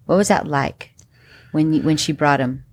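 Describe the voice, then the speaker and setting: A woman's voice: low voice, normal speed, no echo. A woman joining the conversation to ask her husband a follow-up question in a casual tone. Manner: chimes in briefly, asks follow-up questions. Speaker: co-guest, his wife. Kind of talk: casual chat.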